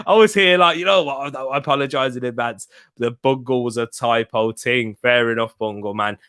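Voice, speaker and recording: A man hosting a football watch-along live stream, chatting casually, reading out viewers' messages and shouting excitedly when a goal goes in. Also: a little high, smooth. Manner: chatty, reads chat aloud, bursts into shouting at goals.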